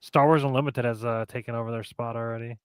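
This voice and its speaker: A man's voice: medium pitch, fairly even intonation, fast, clear, resonant tone, no echo. A man co-hosting a casual card-game podcast, frank and easily irritated. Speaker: podcast co-host. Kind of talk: casual chat.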